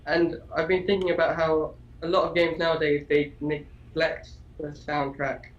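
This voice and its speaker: Rambling high-voiced man on a dull mic. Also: level tone, normal speed. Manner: rambling, many restarts, casual swearing. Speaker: podcast co-host. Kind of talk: casual gaming chat.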